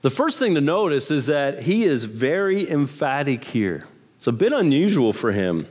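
A man preaching a sermon in an emphatic, measured way, asking rhetorical questions. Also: on the high side, long reverb tail. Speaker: pastor.

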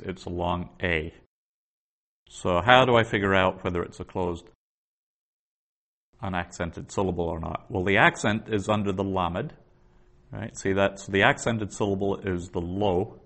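A man's voice: deep voice, unhurried, gravelly, long pauses, fairly bright tone. A man teaching a Hebrew grammar lesson, explaining patiently and methodically, often restarting his sentences.

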